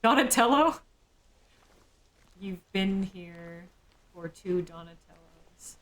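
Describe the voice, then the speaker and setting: A woman's voice: mid-range voice, animated, slow, fairly bright tone, poor audio. A woman streamer thinking aloud during live game commentary, with musing, jokey asides.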